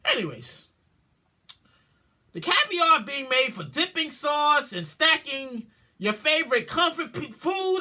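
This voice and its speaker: A woman hosting a podcast, reading news headlines and reacting with loud exclamations, repeated words, swearing and a lot of laughter. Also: high-pitched, big pitch swings, slow pace. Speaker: podcast host. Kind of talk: comic commentary on news headlines.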